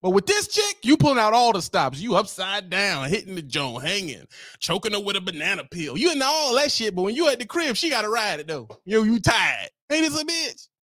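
A man's voice: sits high, huge pitch swings, fairly quick, fairly bright tone, no room sound, clean studio sound. A man, ranting on his livestream in a brash, teasing way and breaking into laughs. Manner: brash, teasing, laughs often, apologizes mockingly. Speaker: livestream host. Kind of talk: casual livestream rant.

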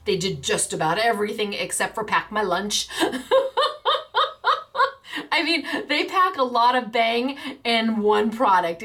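A woman hosting a chatty craft video, bubbly and excited, often breaking into laughter. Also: medium pitch. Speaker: craft shop owner and video host.

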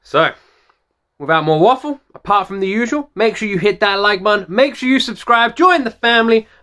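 A man hosting a reaction video, talking excitedly, repeating phrases and swearing freely. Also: sits high, normal speed.

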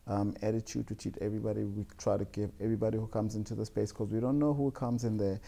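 A young man, a guest telling stories in a relaxed, rambling way with many fillers. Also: fairly low pitch, fast talker, vocal fry. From South Africa. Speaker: guest, jeans designer. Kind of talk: casual storytelling interview.

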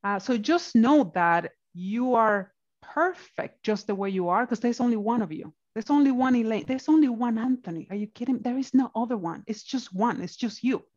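A woman's voice: a little high, expressive, moderate pace, darkish tone, dull audio. A woman guest speaker in a motivational panel conversation on a video call, encouraging and often checking in with "right?".

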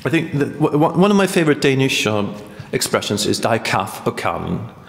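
A man giving a live lecture-performance, rambling and halting with wry asides. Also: mid-range voice, sing-song, noisy background. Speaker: performance artist. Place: art museum hall. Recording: echoey hall with long reverb.

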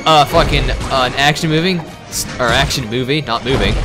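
A man giving excitable, profane, jokey commentary while playing a video game. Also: mid-range voice, fairly quick, hardly any pauses, over music. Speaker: let's-play gamer.

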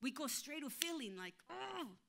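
Woman pastor preaching, bright high-ish voice, acts out all the voices in her story. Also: moderate pace, a little hiss or hum. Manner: animated, acts out inner voices and quotes. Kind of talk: sermon with storytelling.

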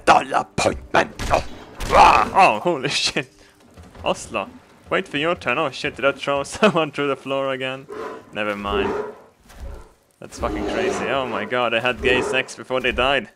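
A man giving crude, comedic game commentary, laughing and breaking into excited outbursts. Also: medium pitch, normal speed, background noise. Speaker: gaming commentator.

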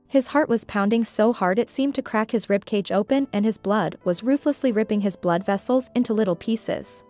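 A woman narrating a scripted story in an even, measured way. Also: medium pitch, soft background music.

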